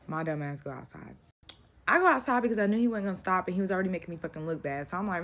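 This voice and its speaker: A young adult woman telling a real-life story in a blunt, profane, animated way, acting out the dialogue. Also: on the low side, rapid-fire. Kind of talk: casual storytime vent.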